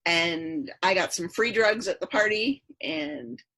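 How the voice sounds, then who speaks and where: A woman's voice: medium pitch, lively intonation, slow, gravelly, fairly bright tone. A middle-aged woman, a podcast guest, earnestly recounting her past in a repetitive storytelling rhythm. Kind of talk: personal story in interview.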